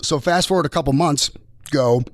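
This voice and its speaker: A man, a military veteran, tells a personal story as a podcast guest, halting and restarting often as he speaks. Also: a little high, no room sound, clean studio sound. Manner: halting, with many restarts and repeated words. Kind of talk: emotional personal storytelling in conversation.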